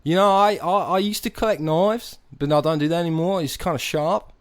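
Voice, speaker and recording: A man's voice: fairly high pitch, fairly quick, natural voice. Man putting on an Aussie paintball bloke. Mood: boastful. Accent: put-on Australian. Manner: boastful, says "mate" constantly. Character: brash male Australian paintball manufacturer "Dingo".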